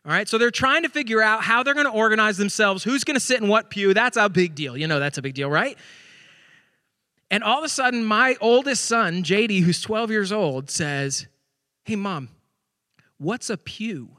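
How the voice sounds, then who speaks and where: A male pastor in his forties telling chatty, animated personal stories during a sermon. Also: sits high, normal speed, no echo, clean studio sound, in a large hall.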